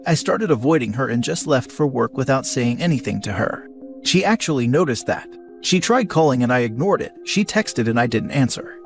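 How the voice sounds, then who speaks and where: A man narrates a written post aloud in a steady, even storytelling voice. His pitch sits in the middle of the range. Soft music plays faintly underneath. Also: creaky. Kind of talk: reading an online post aloud.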